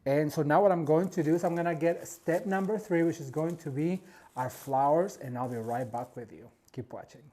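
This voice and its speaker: A man walks viewers through arranging flowers in a relaxed, chatty tutorial. His voice is mellow and soft-edged, and he sounds openly delighted with his work as he talks to "you guys" at home. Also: fairly high pitch, brisk. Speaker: floral design instructor. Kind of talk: casual step-by-step tutorial.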